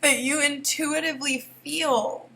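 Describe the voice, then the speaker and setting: Slow-talking young woman reading tarot. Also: high-pitched, steady tone, sharp tone. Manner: rambling, giggly, emotional. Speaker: tarot reader. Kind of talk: casual tarot reading to camera.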